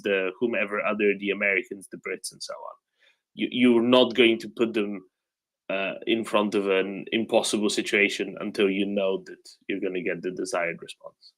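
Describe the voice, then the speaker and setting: A man on an online panel calmly explaining how negotiations work, matter-of-fact. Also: on the low side. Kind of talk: casual panel discussion.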